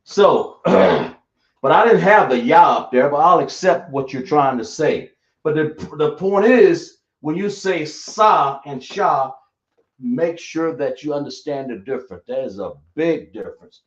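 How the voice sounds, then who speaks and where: A man teaches a live class, repeating points and checking that his listeners follow. He talks at an unhurried, drawn-out pace. The room is echoey and the sound is dull and lo-fi. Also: on the high side, animated. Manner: slow, repetitive explaining, checking the class often.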